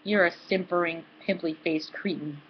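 A woman's voice: lowish voice, fairly even intonation, moderate pace, slight background noise, lightly acted. A woman reading aloud as a brash young college woman who talks bluntly and swears freely, on a dull, lo-fi recording. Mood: taunting. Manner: blunt and profane.

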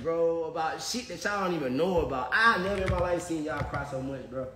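A man's voice: a little high, animated, fairly quick, few pauses, crowd noise. Profane, emphatic man ranting on a livestream. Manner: profane, emphatic, keeps saying bro. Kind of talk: casual livestream rant.

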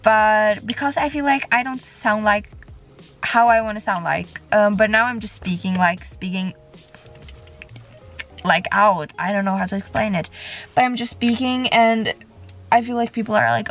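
Teenage girl, rambling vlog chat, mid-pitched voice, faint music behind. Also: normal speed, fairly bright tone. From Norway. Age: teens. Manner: rambling, chatty, lots of "like" and restarts. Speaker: vlogger. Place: in a car.

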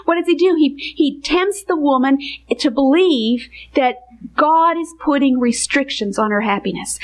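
Woman, Bible teacher, bright high voice, earnest sermon delivery with weighty pauses. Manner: earnest, emphatic, slows on key phrases. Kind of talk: teaching message to women.

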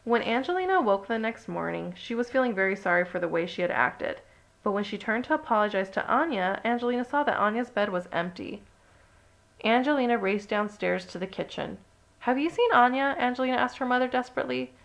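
A woman reading a children's picture book aloud, even and expressive from line to line. Her voice carries a noticeable gravelly fry, set at a middle pitch for a woman. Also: fairly quick. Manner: steady, expressive storytelling. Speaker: storybook reader.

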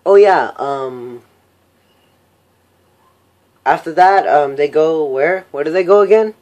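A young man casually recapping a cartoon episode on a voice call, rambling and halting. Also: on the high side, a little mellow. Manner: rambling, halting, full of fillers. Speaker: vlog host.

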